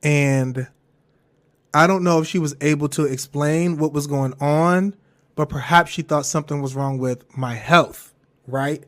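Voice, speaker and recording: A man hosting a podcast, telling a personal story in a candid, rambling, animated way with some swearing. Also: a little high, unhurried. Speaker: podcast host.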